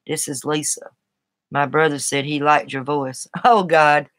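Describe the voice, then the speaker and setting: A woman's voice: low voice, fairly even intonation, measured pace, fairly bright tone, no echo. A woman from the Southern US with a Southern accent, rambling in a folksy way as she chats live with her viewers and answers their comments. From Southern United States. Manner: rambling, folksy, reacts to chat. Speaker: live streamer. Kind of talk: casual live-stream chat.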